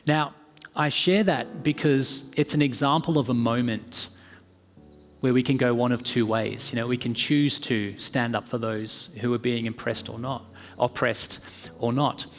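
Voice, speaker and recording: A man's voice: mid-range voice, steady tone, measured pace, soft background music. A man with an Australian accent giving a sermon as a guest preacher, telling stories in an earnest, conversational way with fillers. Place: church hall. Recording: church hall with long reverb.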